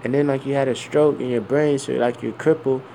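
A man's voice: medium pitch, steady tone, a little fast, creaky, dark tone, slight background noise. A man of around forty talking bluntly and with plenty of swearing in a rambling personal monologue, full of fillers and repeated asides.

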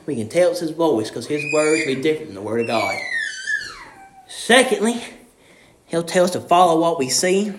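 A young man preaching a sermon in a church, fervent, shouting his refrains and swinging his voice from high to low. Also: reverberant, slight background noise. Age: young adult.

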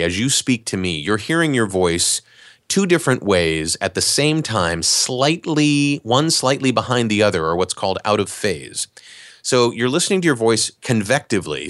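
A man, an actor and voice talent, explaining in a relaxed, conversational way during a podcast interview. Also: on the low side, dry recording, clean studio sound. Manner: relaxed, explanatory, animated asides.

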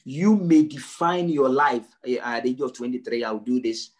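A male pastor preaching a sermon, emphatic, repeating his phrases and swinging from low and quiet to high and loud. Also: moderate pace. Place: church service.

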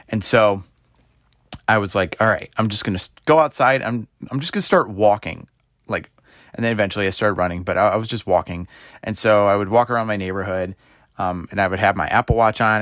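A man in his twenties telling a story in a casual monologue, rambling and filling gaps with "like", getting animated as he retells it. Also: fairly low pitch, dry recording, clean studio sound. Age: 20s. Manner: rambling, heavy use of "like" fillers; animated retelling with rising exclaims. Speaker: podcast host.

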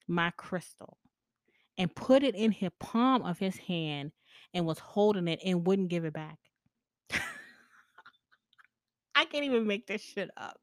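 A woman's voice: fairly low pitch, moderate pace, no room sound, studio quality. A woman hosting a podcast alone, telling personal stories in a candid, chatty way, laughing often and swearing freely. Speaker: podcast host. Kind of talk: casual storytelling monologue.

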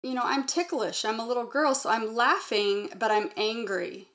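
A woman guest recounting a personal memory in an earnest, halting way, linking thoughts with repeated "and". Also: on the high side, fairly bright tone. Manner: earnest, halting, strings sentences with "and". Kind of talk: personal testimony in conversation.

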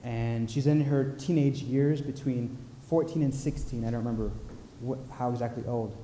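A man's voice: medium pitch, fairly even intonation, normal speed, warm tone, echoey room, long reverb tail, a little hiss or hum. A male pastor telling a story during a sermon in a conversational way, with frequent fillers. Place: church sanctuary.

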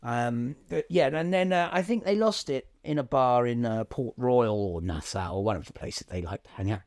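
A man co-hosting a comedy podcast, rambling through improvised chat with deadpan absurd asides and many ums. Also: medium pitch, normal speed.

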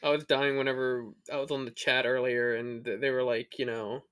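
A man's voice: medium pitch, flat delivery, a little fast, fairly bright tone, clean tone. A young man co-hosting a podcast, chatting casually with slang and swearing, laughing at his own stories. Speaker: podcast co-host. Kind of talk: casual chat.

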